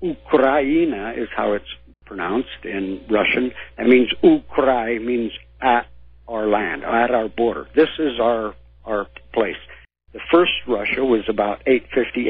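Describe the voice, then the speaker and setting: Raspy-voiced man calling in by phone. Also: medium pitch, measured pace, dry recording. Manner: lecturing, explains history at length. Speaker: caller. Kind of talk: call-in radio talk. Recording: phone line.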